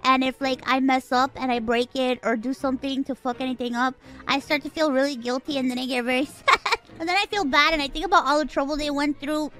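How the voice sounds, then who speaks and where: A woman chatting casually while streaming a game, talkative and quick to giggle. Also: high voice, steady tone, fairly bright tone, soft background music. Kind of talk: casual gameplay chat.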